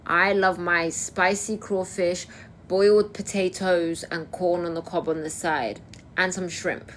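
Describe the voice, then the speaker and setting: Young woman from kosovo, low-ish voice, just chatting on a live and replying to comments. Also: steady tone, unhurried, slight background noise. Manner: chatty, reads and answers viewer comments. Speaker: livestreamer. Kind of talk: casual live-stream chat.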